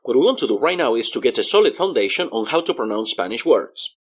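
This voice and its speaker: A man with a slightly husky voice leads a beginners' language lesson. His pitch swings lively as he sounds out letters and repeats each example word with care. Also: fast. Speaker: Spanish teacher.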